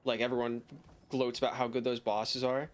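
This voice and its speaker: A man's voice: mid-range voice, flat delivery, moderate pace. A man co-commentating a speedrun in a chatty, teasing, enthusiastic way. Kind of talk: casual game commentary.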